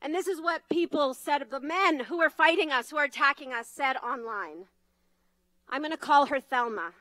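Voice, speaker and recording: Woman activist, high bright voice, dry close sound, urgent and emphatic stage speech. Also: moderate pace, no echo, rough recording. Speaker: advocacy leader giving a speech. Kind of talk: impassioned rally speech. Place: conference stage.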